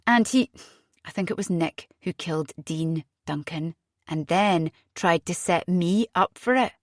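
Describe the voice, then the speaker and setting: A woman reading an audiobook voices an agitated young mother, fierce and frightened, her voice jumping high when upset. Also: measured pace, no room sound, studio quality, close to an everyday voice.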